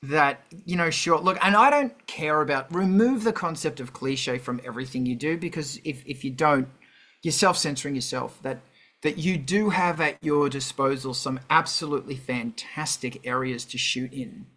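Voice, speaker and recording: A man hosting a casual livestream chat, rambling and animated with many fillers and restarts. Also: on the high side, normal speed. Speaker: host.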